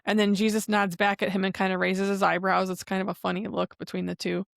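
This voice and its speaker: A woman's voice: mid-range voice, little pitch movement, fast talker, gravelly, dry recording, clean studio sound. A woman co-hosting a podcast, casually recapping a TV episode scene by scene in a chatty, rambling way. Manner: chatty retelling with frequent "and then" links. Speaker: podcast co-host.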